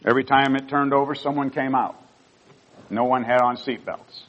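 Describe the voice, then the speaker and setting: An older man delivers a sermon as a pastor, telling personal stories earnestly. His voice sits in a middle pitch, and the recording sounds a bit muffled and lo-fi. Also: fairly even intonation, normal speed. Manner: earnest storytelling, rising emotion at key moments.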